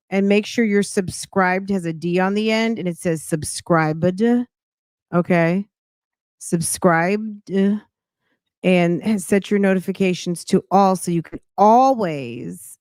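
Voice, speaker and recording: Woman, live-stream host, casual reaction chat, unhurried, smooth clear voice. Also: on the low side, darkish tone, dry recording, clean studio sound. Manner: chatty, greets viewers by name, thinks aloud while reading.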